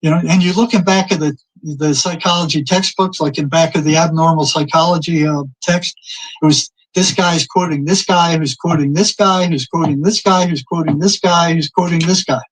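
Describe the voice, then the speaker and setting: Husky-voiced man telling rambling stories. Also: fairly high pitch, steady tone, moderate pace, poor audio. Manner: rambling anecdotes, repeats words, acts out quoted exchanges. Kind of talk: casual storytelling.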